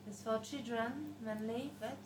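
A woman's voice: a little high, steady tone, a little slow. French-accented woman giving short answers. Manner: hesitant, short answers with fillers. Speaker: native French speaker guest. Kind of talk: casual language lesson. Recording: echoey room with background noise.

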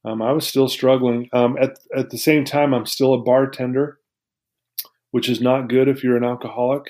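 A man's voice: medium pitch, level tone, moderate pace, darkish tone. A man as an interview guest, telling a personal story in an earnest, heartfelt, reflective way.

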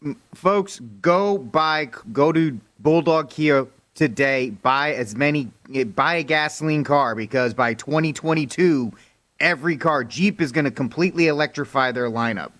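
A man's voice: a little high, moderate pace, a bit bright. A man co-hosting a talk radio news segment, talking casually and wryly with a joking edge. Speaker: news co-host.

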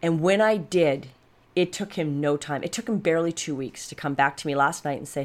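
A woman's voice: on the low side, lively intonation, a little fast, darkish tone. A woman in her fifties giving a frank, reflective personal monologue as a life coach, speaking directly to her viewers. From Canada. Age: 50s. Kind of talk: candid personal monologue to camera.

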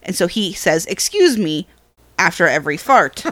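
A woman's voice: fairly low pitch, big pitch swings, normal speed, fairly bright tone, no room sound. A woman in her thirties, a podcast co-host and parent, telling a story in casual chat and acting out the quotes with animation. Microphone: podcast microphone.

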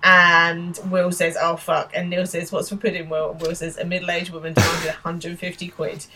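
A woman's voice: fairly low pitch, monotone, moderate pace, music in the background, poor audio. A woman in her thirties co-hosting a podcast, casually retelling a TV episode and acting out the quoted lines. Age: 30s. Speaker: podcast co-host. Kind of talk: casual chat recapping a TV episode.

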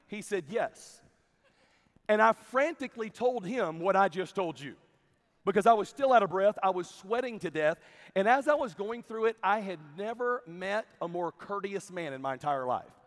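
A man preaching a sermon, telling a story with lively acted-out dialogue. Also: high voice, moderate pace. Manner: animated storytelling, acting out dialogue. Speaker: camp preacher. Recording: long hall reverb.

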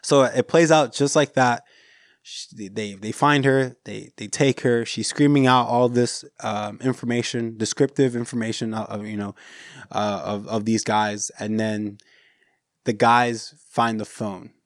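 An American man hosting a casual podcast, telling a movie scene in an animated, rambling way. His voice sits in a middle register and sounds dry and close to the mic. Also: medium pitch, a little slow, dry recording. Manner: animated retelling, acts out movie lines. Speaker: podcast host. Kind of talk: casual chat.

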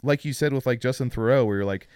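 A man's voice: mid-range voice, fast talker, a little mellow, clear, resonant tone. A man co-hosting a casual podcast, talking about films with rambling enthusiasm. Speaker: podcast co-host. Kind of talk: casual film chat.

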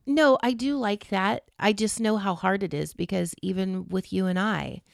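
A woman co-hosting a podcast with her husband, thoughtful and a little halting, often agreeing with short replies. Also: mid-range voice, vocal fry, dry recording, studio quality. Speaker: podcast co-host. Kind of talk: casual podcast conversation.

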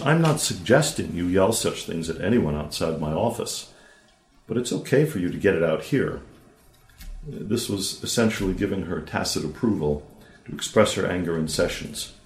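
A man with a deep, low voice reads a therapy case study aloud, calm and measured, acting out the quoted lines of dialogue. His voice rings in an echoey room.

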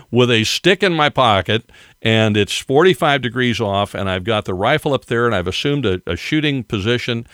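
Older male podcast host, low voice, dry close sound, rambling with chuckles. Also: a bit bright, dry recording. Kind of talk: casual monologue.

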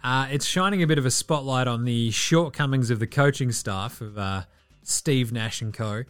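A young man hosting a solo basketball podcast, talking in a profane, sarcastic, animated way. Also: mid-range voice, moderate pace, soft background music. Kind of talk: solo sports commentary podcast.

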